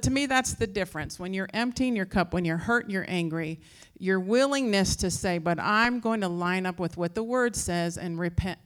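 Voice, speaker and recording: A woman at a middle pitch giving an informal faith talk. She wanders through animated stories and acts out other people's lines as she goes. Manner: rambling, animated storytelling; acts out quoted voices.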